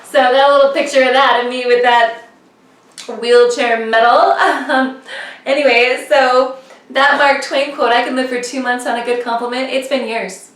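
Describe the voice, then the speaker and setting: A woman in her thirties telling a personal story in a casual, animated way, full of "like" and "you know". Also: sits high, normal speed, roomy sound, distant mic. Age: 30s. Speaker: motivational vlogger.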